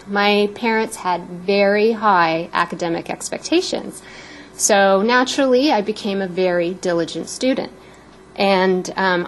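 A woman in her fifties from Canada giving a prepared, personal speech as a guest speaker, warm and a little emotional. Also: medium pitch, a little hiss or hum, rough recording.

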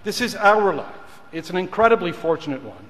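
High-voiced male dean in a reverberant hall. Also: sing-song, a bit bright. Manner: measured and rhetorical, switching between English and French. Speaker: law school dean giving a graduation address. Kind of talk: formal ceremonial speech. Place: large ceremony hall.

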